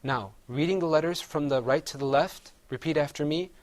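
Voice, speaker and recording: A man's voice: on the high side, fairly quick. Patient man drilling Arabic sounds. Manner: patient, repeats each sound for a group to echo back; explains mouth positions step by step. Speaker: Arabic teacher. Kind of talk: classroom pronunciation drill.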